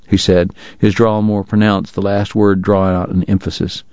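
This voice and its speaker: Man narrating an audiobook, lowish voice, kinda dull dry recording. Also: little pitch movement, moderate pace, few pauses, a little mellow, clean tone, dry recording. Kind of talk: scripted narration.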